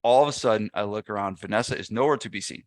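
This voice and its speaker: A man's voice: lowish voice, rapid-fire, no room sound, clean studio sound. A man guesting on a podcast, telling a casual story and acting out what people said. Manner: animated anecdote teller, acts out quotes. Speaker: podcast guest, gym business owner.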